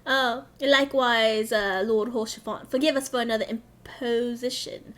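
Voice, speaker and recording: A woman's voice: a little high, fairly even intonation, a bit bright, natural voice. A woman reading as an earnest young scholar-diplomat. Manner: formal, measured, old-fashioned phrasing. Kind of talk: reading game dialogue aloud.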